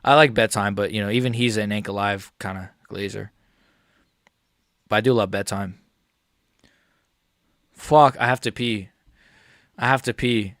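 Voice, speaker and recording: A man's voice: fairly low pitch, steady tone, unhurried, long pauses, fairly bright tone, no room sound, studio quality. A young man streaming a live fight reaction, talking casually to his viewers in a muttered, profane running commentary. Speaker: MMA streamer.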